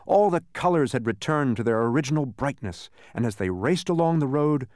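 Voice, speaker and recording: A man reads a children's story aloud with a lively, swooping voice. His delivery is animated and expressive. It is recorded close and dry, with no room sound. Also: mid-range voice, brisk, dry recording. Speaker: narrator. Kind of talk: audiobook narration.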